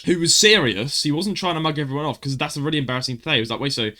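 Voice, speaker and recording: A man's voice: on the high side, rapid-fire, sharp tone. A young man co-hosting a casual podcast, telling stories animatedly and mimicking voices. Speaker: podcast co-host. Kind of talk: casual chat.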